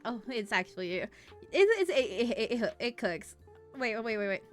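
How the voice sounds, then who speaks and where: A woman's voice: on the high side, sing-song, normal speed, faint music behind. A woman streamer chatting casually, giggling often and swearing freely.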